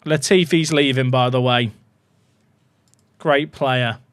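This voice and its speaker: A gaming YouTuber casually commentates on his football management game, chatty and cracking jokes to his viewers. His medium-pitched male voice is fairly even and slow, recorded dry.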